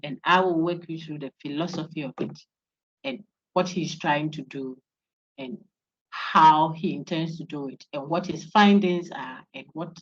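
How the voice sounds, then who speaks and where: A woman with a deep, unhurried voice teaches an online university philosophy lecture, coaching students to repeat names after her. It comes through a video call, so the audio is dull and lo-fi.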